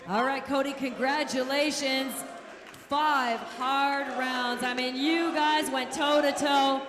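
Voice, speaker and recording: A woman ring announcer calling out the champion with loud, drawn-out, hyped announcements and interviewing him. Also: sits high, fairly even intonation. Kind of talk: arena announcing. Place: arena. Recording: echoey arena with crowd noise.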